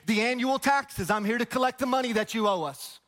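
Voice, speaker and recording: A pastor voicing a proud, pushy ancient tax collector in a sermon retelling, with a smug, demanding manner. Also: male voice, very high voice, a little fast, a bit bright.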